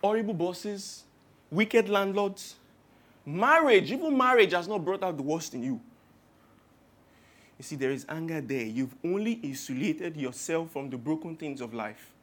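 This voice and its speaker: A man's voice: on the high side, expressive, measured pace, a bit bright. A man with a Nigerian accent preaching a sermon in a humorous, rhetorical way, piling up long spoken lists.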